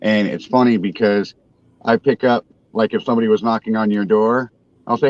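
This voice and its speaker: A man in his forties hosting a casual live panel, talking haltingly and poking fun at himself. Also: medium pitch, fairly even intonation, no room sound, lo-fi sound. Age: 40s. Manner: halting, self-deprecating, restarts often. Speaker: show host.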